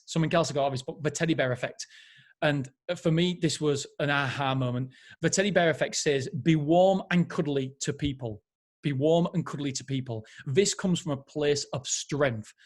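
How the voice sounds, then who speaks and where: A man hosting a podcast who reviews a book in a casual, enthusiastic way, often rambling and correcting himself. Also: on the high side. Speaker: podcast host.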